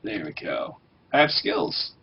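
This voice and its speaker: A man's voice: on the low side, sing-song, takes it slowly, gravelly, muffled recording, a little hiss or hum. A man hosting a game livestream, chatting casually and joking while he plays and reads quest text aloud. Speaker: livestream host playing a game. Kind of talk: casual chat over gameplay.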